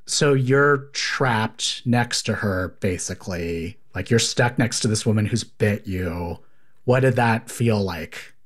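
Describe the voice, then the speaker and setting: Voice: mid-range voice, takes it slowly. An interviewer asking curious follow-up questions, reacting with short prompts. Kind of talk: conversational interview.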